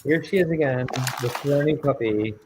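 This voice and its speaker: A man's voice: fairly high pitch, moderate pace, a little mellow, slight background noise, low-quality recording. A man co-hosting a hobby live stream from a video call, chatting casually with teasing banter. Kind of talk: casual chat.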